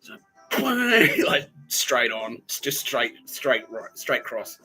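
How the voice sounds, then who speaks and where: A man's voice: mid-range voice, sing-song, slow, sharp tone, soft background music, rough recording. A man hosting a podcast, telling a rambling, profane story with lots of laughter. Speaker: podcast host. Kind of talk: casual storytelling.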